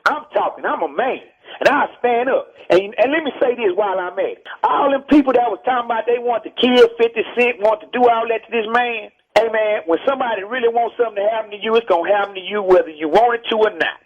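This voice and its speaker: A man from Texas with a Texas accent, a rapper lecturing forcefully over the phone in a heated interview, repeating his points. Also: high voice, quick pace. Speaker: rapper guest. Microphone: telephone. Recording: muffled phone line.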